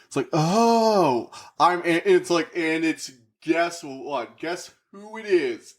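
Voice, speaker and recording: Excitable man reviewing a movie. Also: on the high side, slow, few pauses. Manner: excitable, acts out quoted characters, swears. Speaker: podcast reviewer.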